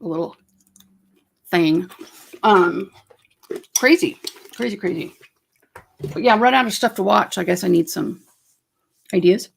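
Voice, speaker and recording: Gravelly chatty female co-host. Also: mid-range voice. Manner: chatty, teasing, quick asides. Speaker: co-host, teacher. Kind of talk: casual chat.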